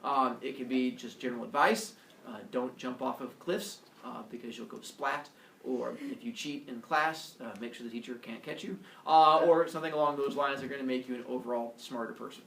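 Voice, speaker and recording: A male teacher giving a jokey, animated lecture to his class. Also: medium pitch, a little fast, vocal fry, a little hiss or hum. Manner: jokey, animated, lots of uh fillers and voices. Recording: echoey classroom, camera far off.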